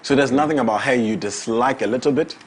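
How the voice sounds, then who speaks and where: A man's voice: mid-range voice, quick pace, a little hiss or hum. A man hosting a morning show, announcing events and chatting with a guest. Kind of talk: upbeat morning show presenting and interviewing.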